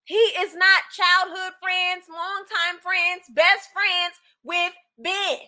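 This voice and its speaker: A woman's voice: extremely high pitch, fairly even intonation, slow, bright, forceful tone. A woman co-hosting a casual chat, recapping reality TV bluntly and profanely, with mocking put-on quotes. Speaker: podcast co-host.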